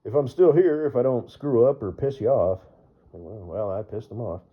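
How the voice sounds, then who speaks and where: A man's voice: medium pitch, normal speed, breathy edge. A man vlogging in a casual, rambling way, full of fillers and laughing at his own jokes. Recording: dull lo-fi recording.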